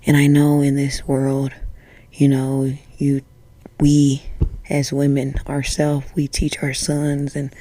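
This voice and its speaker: A woman talking straight to a listener in a soft, half-whispered, reassuring way, swearing casually as she goes. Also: a bass voice, monotone, takes it slowly, no echo. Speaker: spiritual channeler speaking to a viewer. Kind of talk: intimate direct-to-camera talk.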